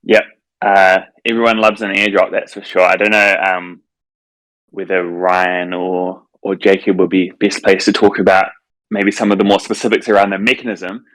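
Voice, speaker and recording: Very deep man, tired voice, careful and full of ums, dry sound. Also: little pitch movement, fairly bright tone, dry recording, poor audio. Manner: measured, hedging, many "um"s. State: voice starting to go. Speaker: project team member answering questions. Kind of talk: casual explanation in an online AMA.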